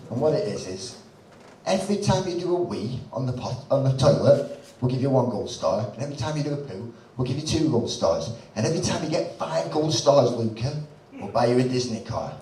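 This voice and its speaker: A man's voice: mid-range voice, expressive, a little fast, dark tone, a little hiss or hum, voice pushed down, natural voice. A comedian quoting his partner as she explains a reward plan for their child, step by step. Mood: explaining. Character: practical mother laying out household rules. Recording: roomy live club sound from a distance.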